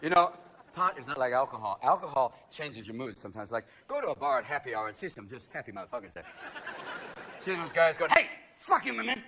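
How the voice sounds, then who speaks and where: A man's voice: mid-range voice, lively intonation, fast talker. A man doing stand-up comedy on a theater stage, manic and profane, jumping between voices. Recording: live show, loud audience noise.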